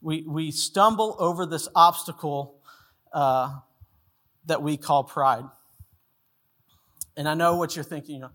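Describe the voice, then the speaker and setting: A man's voice: fairly high pitch, measured pace, long pauses, a bit bright. A man preaching a sermon, telling a story in a casual way and acting out the people in it. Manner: storytelling, acts out quoted voices. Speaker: pastor.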